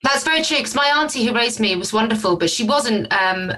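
Bright-voiced frank woman, candid chat. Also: on the high side, animated, brisk, low-quality recording. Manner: frank, self-deprecating, rambling. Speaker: guest. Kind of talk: candid conversation.

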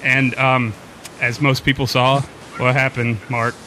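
A man's voice: medium pitch, flat delivery, unhurried, background noise. A man hosting a casual podcast chat, joking and laughing easily. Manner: jokey, laughs often. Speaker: podcast host.

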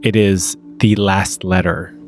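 Slow, low-voiced male podcast host. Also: steady tone, over music. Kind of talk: reflective podcast talk.

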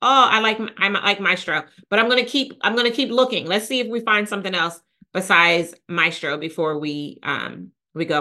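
A woman hosting a podcast, thinking aloud and talking excitedly to listeners as a business coach. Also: mid-range voice, normal speed. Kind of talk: live-thinking podcast monologue.

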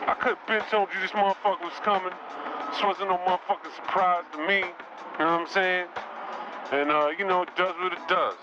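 A man's voice: high-pitched, lightly acted. A man voicing a brash, profane parody of a basketball star, bragging and rambling in heavy street slang. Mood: rowdy. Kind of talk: comedy sketch impression. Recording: muffled recording over loud music.

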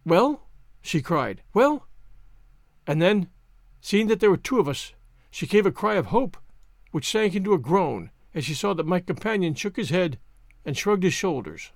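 A man narrating a classic detective story in an expressive, storytelling way. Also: sits high, normal speed, creaky, no echo, clean studio sound.

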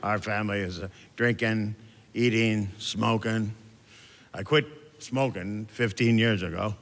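A man's voice: fairly low pitch, steady tone, measured pace. A middle-aged man doing a self-deprecating stand-up comedy set, chatty and loose. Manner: self-deprecating, chatty, jumps into shouted character voices. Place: comedy club stage with a live audience. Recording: live club recording with audience noise.

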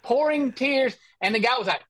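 A man in the middle of an animated, chuckling anecdote, talking over a video call. The sound is dry and close, with no room echo. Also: very high voice, moderate pace. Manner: animated, laughing storyteller. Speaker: guest, professional golfer. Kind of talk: casual storytelling chat.

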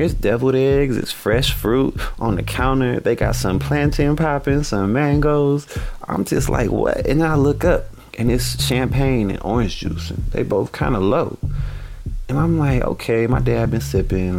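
Gravelly young man telling a story. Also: lowish voice. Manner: casual, animated retelling with slang. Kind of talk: personal storytelling.

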